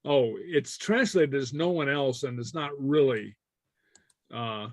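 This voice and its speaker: A man teaching an online Gaelic class in a relaxed way, with many fillers and chuckles as he talks. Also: mid-range voice, slow, no echo.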